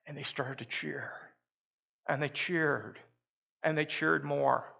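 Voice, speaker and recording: A man's voice: fairly high pitch, fairly even intonation, normal speed, gravelly, a bit bright. A male pastor preaching a sermon, telling a story emphatically and leading the congregation to repeat his words before he prays. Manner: emphatic storytelling that builds to calls for the congregation to repeat after him. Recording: dull lo-fi sermon recording.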